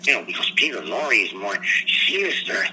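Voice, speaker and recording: A man's voice: lowish voice, sing-song, fairly quick, crowd noise, low-quality recording. An older man from New Jersey, a guest entertainer, telling his story in a meandering way with many fillers and restarts. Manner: meandering, frequent fillers and restarts, clears throat. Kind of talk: rambling casual interview answers.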